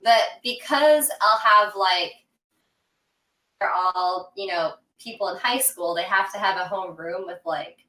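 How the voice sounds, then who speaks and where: Bright-voiced woman in a roomy, distant recording. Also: medium pitch, unhurried. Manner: frank, swears casually. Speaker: game master. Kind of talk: casual chat.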